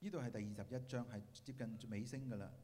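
A man interpreting a sermon into Cantonese, quick and halting with fillers. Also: mid-range voice, fairly even intonation, dark tone. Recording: hall reverb.

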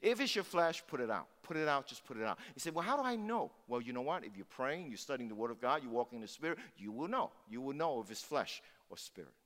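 A man's voice: medium pitch, lively intonation, fast, hardly any pauses, a bit bright. A male pastor giving a sermon, preaching emphatically and repeating phrases for force. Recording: long hall reverb.

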